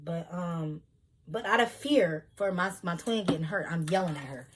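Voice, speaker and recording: A young woman telling a heated storytime vlog, animated, with loud bursts. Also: lowish voice, moderate pace, slight background noise. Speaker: vlogger.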